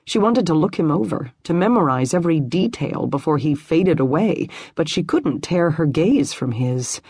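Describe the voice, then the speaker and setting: A woman narrating an audiobook in a measured, even storytelling voice, close to the mic. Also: low voice, slightly rough, no room sound. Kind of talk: scripted narration.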